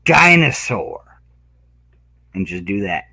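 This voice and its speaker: A man in casual chat who tells animated stories, acting out voices and laughing loudly. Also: fairly low pitch, slow pace, gravelly, slightly rough. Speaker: guest.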